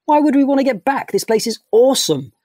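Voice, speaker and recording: A man doing a loud, carefree boy from a storybook reading, his voice squeaky-high and gushing. The tone is husky and the room is dry. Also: big pitch swings, quick pace, no room sound. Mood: excited. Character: excitable boy who can fly.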